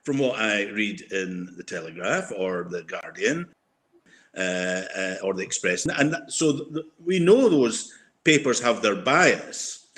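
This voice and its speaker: A man's voice: on the low side, expressive, measured pace, a bit bright. An older man, a guest columnist, talking over a podcast in a hesitant way, full of fillers and restarts. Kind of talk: casual podcast discussion.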